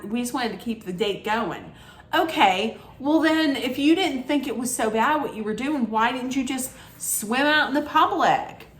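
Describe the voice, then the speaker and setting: A woman's voice: mid-range voice, fairly bright tone, reverberant. A woman hosting a reality TV recap, giving blunt, judgmental commentary in an opinionated rant.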